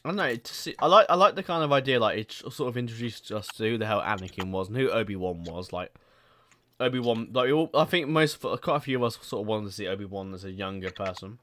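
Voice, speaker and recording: Bright-voiced man hosting a chat. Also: fairly low pitch, animated, fast talker. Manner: rambling, laughs often, swears casually. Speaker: podcast host. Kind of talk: casual chat.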